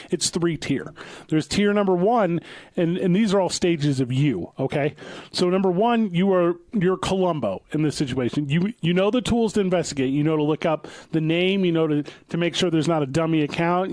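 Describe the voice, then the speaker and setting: A man with a somewhat high voice, co-hosting a podcast in a deadpan, mock-lecturing tone. He is miked close and the sound is dry. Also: dry recording. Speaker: podcast co-host. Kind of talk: casual comedic banter.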